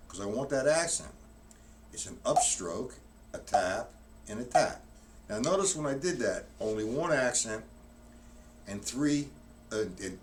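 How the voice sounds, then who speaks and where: A man's voice: mid-range voice, a little hiss or hum. A man giving a live-streamed drum lesson, counting strokes aloud and explaining technique in a rambling way with many restarts. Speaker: drum teacher. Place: room with drums. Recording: distant mic with loud drum hits.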